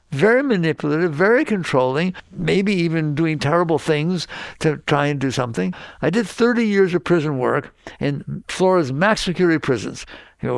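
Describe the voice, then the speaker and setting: An older man giving an informal spiritual talk to a group, asking questions and answering them himself in a lively conversational way. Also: on the high side, creaky, no echo. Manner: animated, conversational, asks and answers his own questions. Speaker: spiritual teacher.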